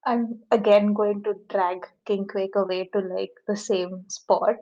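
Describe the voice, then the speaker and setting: Woman player with a dark, mellow tone. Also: mid-range voice, steady tone. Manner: quick, chatty, describing her actions. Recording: slightly muffled lo-fi mic.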